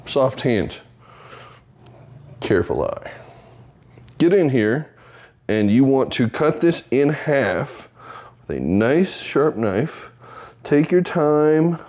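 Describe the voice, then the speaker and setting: Talkative home-cook host, man, playful and very lively in pitch. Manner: chatty, jokey, talks a lot. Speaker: home cooking video host. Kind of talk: casual cooking demonstration. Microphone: new mic setup.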